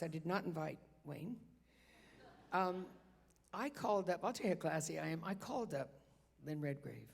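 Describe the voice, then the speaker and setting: A woman's voice: lowish voice, animated, moderate pace, creaky, pauses often, husky. A woman telling a chatty, self-mocking anecdote live on a theater stage, with hesitant restarts. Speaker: guest storyteller at a benefit concert. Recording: long reverb of a concert hall.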